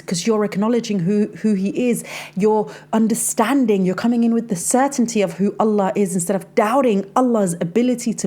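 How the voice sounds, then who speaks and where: A woman's voice: mid-range voice, warm tone. A woman hosting a casual faith podcast, chatty and confiding, talking straight to the listener like a friend. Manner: chatty and confiding, addresses listener as sis, frequent "like". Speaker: podcast host and life coach.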